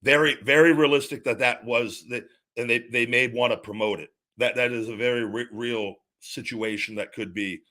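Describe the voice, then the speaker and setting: A man's voice: medium pitch, steady tone, moderate pace, few pauses, sharp tone. Profane, rambling man ranting casually. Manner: profane, rambling, repeats himself; retells conversations in quoted dialogue. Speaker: show host.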